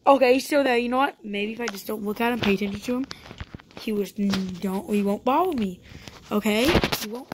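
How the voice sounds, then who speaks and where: There's background noise as a woman with a medium-pitched, brisk voice streams herself playing a roleplay game for YouTube. Chatting to viewers, she stays jumpy and frequently repeats panicked no's.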